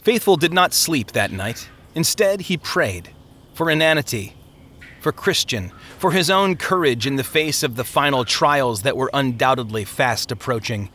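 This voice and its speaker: A man narrating an audiobook in a measured, expressive reading. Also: medium pitch.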